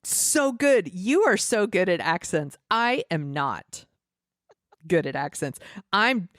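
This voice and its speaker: A woman hosting a casual podcast, her voice sitting on the low side. She jokes, laughs easily and swears offhandedly. The sound is dry and close to the mic. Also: very animated, slow, a bit bright, dry recording. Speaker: podcast host. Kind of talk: casual chat.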